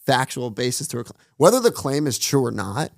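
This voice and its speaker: A gravelly mid-range male voice with big pitch swings, recorded cleanly in a studio without echo. He's a podcast guest with his own online show, racing through casual stories, acting out what people said, and leaning heavily on "like".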